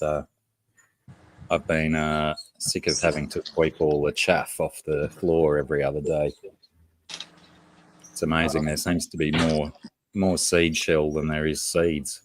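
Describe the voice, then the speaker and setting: A man's voice: very deep voice, rough recording. A man with an Australian accent, hosting a casual livestream and greeting chat viewers by name. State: has a headache. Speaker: livestream host.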